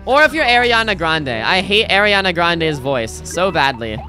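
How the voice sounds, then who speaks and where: Young woman gaming streamer; bright tone, casual rambling chat, light music behind. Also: fairly low pitch, very animated, normal speed. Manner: rambling, self-interrupting, chatty. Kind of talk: casual gameplay commentary.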